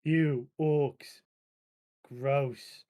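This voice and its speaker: A man's voice: medium pitch, steady tone, very slow, dark tone. A man voicing a big, dim-witted male orcish brute warrior who talks in a simple, childlike, eager way. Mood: dopey.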